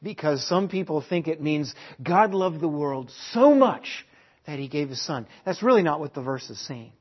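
A husky male preacher with a fairly high voice delivers an emphatic sermon at a church service. He repeats key phrases and swings between soft, low passages and loud, rising ones. The recording is dull and lo-fi. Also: animated, normal speed.

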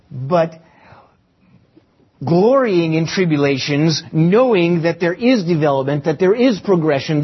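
Speaking in a husky, slightly high voice, this male pastor delivers a sermon to his congregation, throwing out rhetorical questions and hammering key phrases through repetition. Sound quality is dull lo-fi.

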